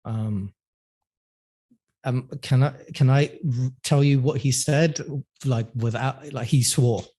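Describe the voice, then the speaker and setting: Slow-paced and mellow, this mid-range male voice belongs to a chatty Londoner guesting on a podcast. He tells stories casually in the interview, laughing often and leaning on many fillers.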